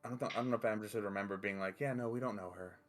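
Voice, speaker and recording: A man's voice: lowish voice, very fast, soft background music. A man playing a tabletop game, chatting casually with sheepish, swearing banter. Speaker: player.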